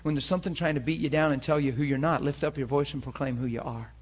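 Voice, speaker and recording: A man preaches a sermon to a class in a husky voice pitched a little high for a man. He talks fast and in an animated, conversational style, like a teacher addressing his students directly.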